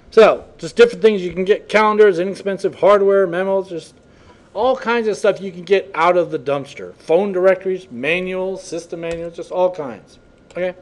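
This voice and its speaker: A man's voice: high voice, darkish tone. A man lecturing a class, telling chatty, folksy stories in a classroom. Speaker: college instructor.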